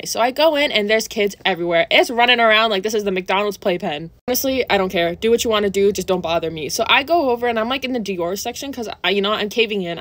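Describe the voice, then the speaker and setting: A young woman with a slightly high voice tells a story for her vlog, animated and sarcastic. The sound is close and dry. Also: dry recording. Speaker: vlogger.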